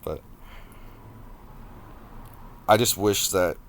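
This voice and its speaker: A young man talking to the camera about his past, casual and halting, stopping and restarting as he reflects. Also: low-pitched. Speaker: vlogger. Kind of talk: personal storytelling to camera.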